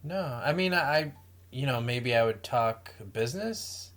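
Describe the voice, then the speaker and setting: A man co-hosting an advice podcast in casual chat, speaking in a calm, measured way and asking probing questions. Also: mid-range voice. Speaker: podcast co-host.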